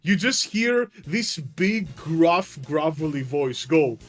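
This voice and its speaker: A man's voice: a little high, expressive, slow, soft background music. A man narrating as game master of a tabletop game, in a casual, hesitant way with frequent swearing and laughs.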